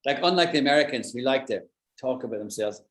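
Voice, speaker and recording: A man's voice: mid-range voice, animated, fast, roomy sound. A man with a British accent, teaching an online English lesson in a chatty way, explaining with examples and checking that his students follow. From Britain.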